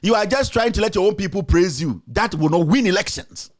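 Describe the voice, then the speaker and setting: A man giving impassioned political commentary, urgent and repetitive, rising at times to shouts. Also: high voice, expressive, a little fast.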